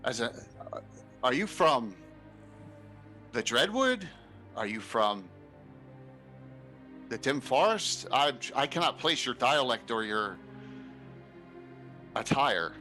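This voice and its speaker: A man's voice: medium pitch, big pitch swings, takes it slowly, pauses often, pushed and bright, faint music behind, pitched above the performer's own voice, heavily acted. A man voicing a foppish, courteous dandy nobleman with flowery, genial speech in a tabletop game.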